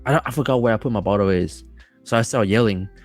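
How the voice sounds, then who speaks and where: A man as a podcast guest telling a story casually, rambling and excited, with many fillers and restarts. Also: on the low side, fast, soft background music.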